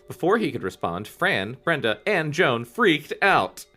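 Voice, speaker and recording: A man's voice: a little high, sing-song, normal speed, hardly any pauses, pushed and bright, faint music behind. A man co-hosting a casual podcast chat, laughing often and reading a book aloud. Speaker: podcast co-host.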